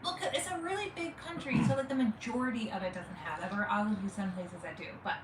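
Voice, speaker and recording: A woman's voice: medium pitch, quick pace, a crowd in the background. A woman in her forties from Saint Louis, co-hosting a watch party in rambling, giggly casual chat. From Saint Louis, USA. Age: 40s. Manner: giggly, rambling, self-interrupting. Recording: roomy, distant mic, noisy.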